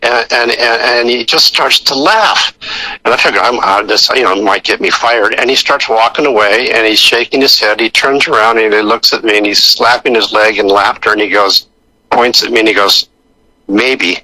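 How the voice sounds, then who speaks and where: A man's voice: lowish voice, moderate pace, bright, forceful tone, rough recording. An older man telling rambling anecdotes full of fillers and restarts as a guest in a radio interview. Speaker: actor guest. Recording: radio broadcast recording.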